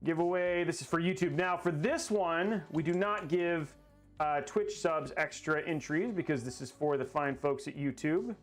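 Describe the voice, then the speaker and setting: A man's voice: a little high, moderate pace. A man hosting a casual livestream while building a PC, rambling and joking at himself as he talks to chat. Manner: rambling, goofy, laughs at himself. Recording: faint music behind the voice.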